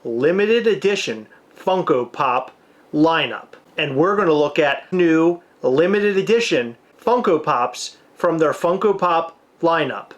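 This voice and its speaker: A man co-hosting a collectibles show, playing it mock-serious and deadpan. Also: fairly high pitch, a little slow, highs cut off. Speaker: co-host. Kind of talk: casual chat.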